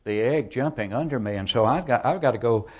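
A man's voice: mid-range voice, a little fast, slightly rough, natural voice. Man reading a fussy mother bird from a picture book, chatty and busy. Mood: fussing. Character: fussy, caring mother bird on her nest.

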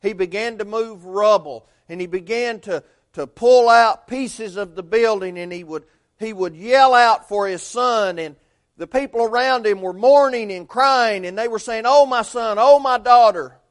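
A man preaching a sermon, telling a story earnestly and swinging between loud and hushed delivery. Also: high-pitched, a little slow.

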